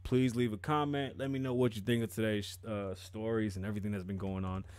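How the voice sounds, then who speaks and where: A man's voice: lowish voice, steady tone, brisk, darkish tone, clean tone, dry recording. Sarcastic man riffing on the news. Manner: mocking, rhetorical questions, breaks off to laugh. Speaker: commentary vlogger. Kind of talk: profane sarcastic news commentary.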